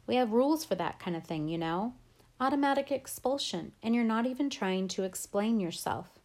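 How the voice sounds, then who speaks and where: A woman reading the lines of a calm, kindly middle-aged male school principal in a book read aloud, in a gentle and reasonable tone. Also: a little high, normal speed. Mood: patient.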